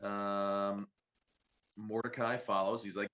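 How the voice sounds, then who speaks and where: A man's voice: lowish voice, little pitch movement, slow, fairly bright tone. A man running a live tabletop game as game master, narrating with many hesitations. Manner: hesitant, full of ums while narrating.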